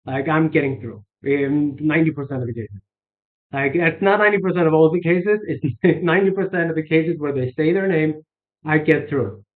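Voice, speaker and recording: A man's voice: fairly high pitch, normal speed. A man giving a casual sales lesson, rambling with restarts and fillers. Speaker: sales coach. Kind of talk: casual instructional talk. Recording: tinny phone-like sound.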